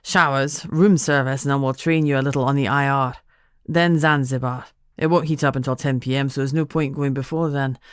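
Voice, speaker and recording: A woman voicing a dry, blunt male inspector who talks in a flat, matter-of-fact way, in a dry audiobook recording. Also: very deep voice, a little fast, dry recording.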